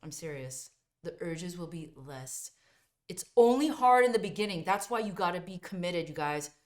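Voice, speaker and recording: A woman's voice: on the low side, animated, moderate pace. A woman coaching viewers through binge-eating recovery in an emphatic, blunt motivational talk, repeating points and sometimes swearing.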